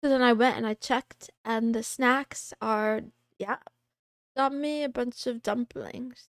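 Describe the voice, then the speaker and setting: A woman VTuber with a fairly high pitch speaks slowly in a steady tone while casually chatting on her livestream. Playful and giggly, she reads out viewers' names and meows as a cat persona, recorded dry in clean studio sound.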